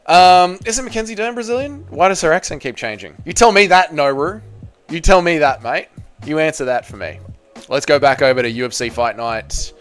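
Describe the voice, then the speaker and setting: A man's voice: a little high, clean tone. A young man, chatting casually on a live stream, reading viewers' messages aloud and answering them.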